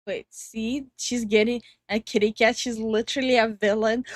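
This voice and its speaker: A woman's voice: on the high side, fairly even intonation, normal speed, hardly any pauses, fairly bright tone, no room sound, studio quality. A young woman co-hosting a casual livestream from home, giggly and greeting chat viewers by name. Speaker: streamer co-host. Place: home streaming room.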